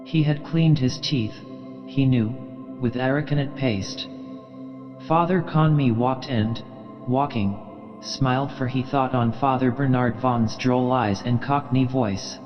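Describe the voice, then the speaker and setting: A man narrating a literary audiobook in a measured, unhurried reading. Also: medium pitch, steady tone. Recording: dull sound with long reverb, faint music behind.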